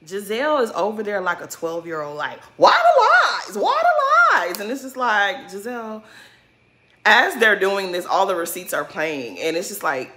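A woman's voice: mid-range voice, expressive, moderate pace, sharp tone. Sassy, blunt woman recapping a show. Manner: colloquial slang-heavy talk. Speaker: reality TV recap vlogger. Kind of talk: casual episode recap commentary.

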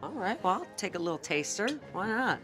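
A woman's voice: medium pitch, animated, brisk, lightly acted. A woman playing a flirtatious sultry wife. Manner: flirtatious, suggestive. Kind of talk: improvised comedy sketch acting. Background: music.

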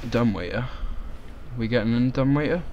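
A man's voice: mid-range voice, brisk, darkish tone, lo-fi sound, a little hiss or hum. A young man giving crude, rambling let's-play commentary. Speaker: gaming YouTuber.

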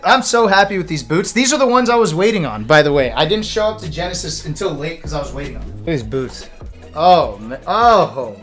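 A young man, a streamer, telling a story in a casual recap, animated and swearing freely. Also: high-pitched, quick pace, few pauses, soft background music. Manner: animated, profane, fired-up storytelling.

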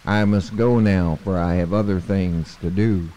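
A kindly raccoon gently encourages a small friend, as a man puts him on. His mellow storybook voice is slow and warm. A long hall reverb follows his words. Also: low voice, steady tone. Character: kindly helpful male raccoon.

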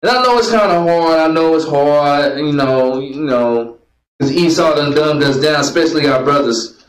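A man teaches the Bible to a group in a meeting room, his voice on the high side at a moderate pace, recorded with roomy echo. He gives commands to a reader calling out verses and jokes with the crowd.

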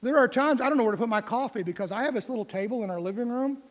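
Middle-aged male pastor, very high voice, folksy humorous preaching, reverberant sanctuary. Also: rapid-fire. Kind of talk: sermon. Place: church sanctuary.

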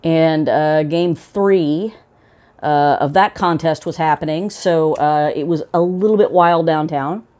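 A woman hosts her own pipe-smoking video show with a slightly low voice. She chats casually and meanders, full of fillers and quick to poke fun at herself. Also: mellow. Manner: rambling and self-mocking, many fillers. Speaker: pipe-smoking vlog host. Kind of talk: casual chat to camera.

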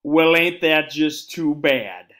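A small, sarcastic storybook cowboy, as a male reader puts him on. He drawls slowly and mockingly. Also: fairly low pitch, very animated, pitched below the performer's own voice.

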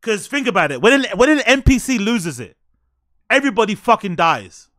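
Male reaction commentator, high bright voice, sarcastic and teasing. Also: big pitch swings. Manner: sarcastic, teasing, quick riffing. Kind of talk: mocking commentary on a clip.

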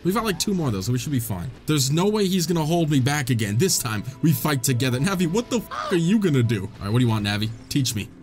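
Lively joking young man gaming. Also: on the high side, fast talker, few pauses, faint music behind. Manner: joking, talks back to the game characters. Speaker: gaming channel host. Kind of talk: casual let's-play commentary.

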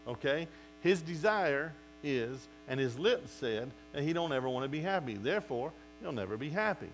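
Pastor guy preaching, bit high-pitched, acts out what people say, faint hum behind. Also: moderate pace, rough recording. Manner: animated preaching with acted-out quotes. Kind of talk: sermon.

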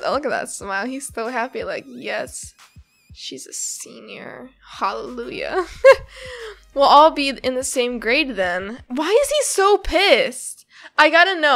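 A woman's voice: fairly high pitch, a bit bright. A woman reading a comic aloud and reacting casually, bubbly and giggly, gushing about the characters and rambling with lots of fillers.

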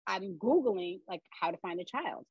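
A woman's voice: mid-range voice, expressive, normal speed, slightly rough, dry recording, lo-fi sound. A woman guest on a podcast telling her personal story, acting out the voices of the people in it.

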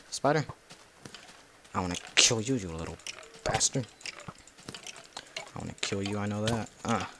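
A man giving casual, rambling commentary while playing a video game, talking to himself and cussing at the monsters. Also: on the low side. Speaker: gameplay video creator.

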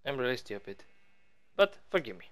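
A man's voice: medium pitch, very animated, moderate pace, a bit bright. A man giving casual, rambling let's-play commentary as he builds in a game, joking at his own expense. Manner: rambling, playful, self-mocking. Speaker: gaming channel host.

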